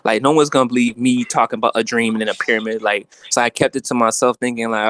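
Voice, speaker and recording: A young man telling a dream story in a casual, slangy, animated way, with lots of fillers. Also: mid-range voice, fast talker, few pauses, no room sound.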